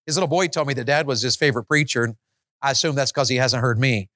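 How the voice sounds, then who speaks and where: Impassioned preacher, dry close sound. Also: male voice, medium pitch, fast talker, pushed and bright, dry recording. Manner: builds to impassioned pleading, acts out fervent prayers. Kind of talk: sermon. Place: auditorium.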